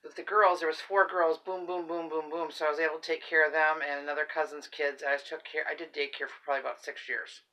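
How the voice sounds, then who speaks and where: A woman's voice: sits low, little pitch movement, fast talker, hardly any pauses, sharp tone, low-quality recording. An older woman, a grandmother, chatting casually and rambling in a folksy way while showing a shopping haul; she says she is tired. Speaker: haul vlogger. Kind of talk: casual chat.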